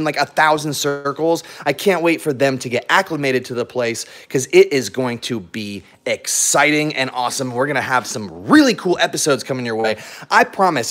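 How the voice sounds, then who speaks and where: Upbeat, chatty man hosting a live vlog. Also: a little high. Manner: upbeat, chatty, talks straight to viewers; laughs often, moving around the house with dogs. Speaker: channel host. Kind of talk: casual live stream vlog. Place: home, indoors and garage.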